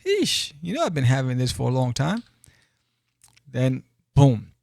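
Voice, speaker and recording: Gravelly-voiced excitable man reviewing comics. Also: mid-range voice, moderate pace, no echo. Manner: excitable, exclamatory, with playful asides. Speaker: comic book reviewer and podcast host.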